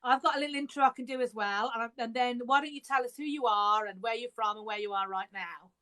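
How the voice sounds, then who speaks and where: A woman's voice: a little high, fast talker, sharp tone. A British woman hosting a live interview over a video call, chatty and bubbly, laughing often and sometimes trailing off mid-sentence. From England. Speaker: podcast host.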